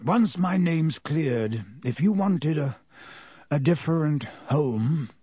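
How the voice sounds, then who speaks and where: A male reader puts on a croaky, gaunt escaped convict with a raised, strained voice. He speaks in halting, earnest bursts for an audiobook. The sound is close and dry. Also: on the high side, animated, warm tone, no echo, full character voice. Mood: earnest hesitant. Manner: halting, earnest, then urgent. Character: gaunt hoarse escaped convict godfather, man.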